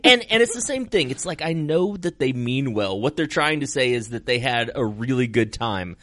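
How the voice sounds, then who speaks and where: A man's voice: mid-range voice, moderate pace, no echo. A man co-hosting a casual podcast chat, telling stories with lots of laughter and acted-out quotes. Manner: animated storyteller, laughs a lot, acts out quotes. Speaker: podcast co-host, magician.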